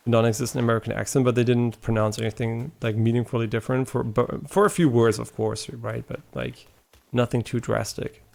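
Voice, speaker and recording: His voice is mid-range, gravelly and somewhat dark as he live-streams a game. He keeps up a talkative, rambling, casual chat with his viewers, dropping the odd swear word.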